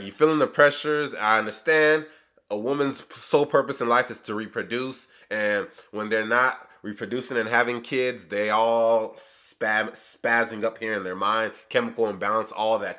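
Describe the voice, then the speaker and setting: A man's voice: mid-range voice, pushed and bright. Slangy man reviewing a reality show. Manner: loose slangy talk, acts out people's lines. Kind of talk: casual commentary.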